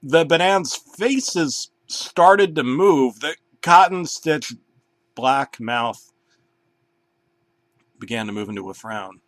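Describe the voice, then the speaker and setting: A man narrating a comedic horror story in a deadpan, crude manner. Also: medium pitch, slow, long pauses, no room sound.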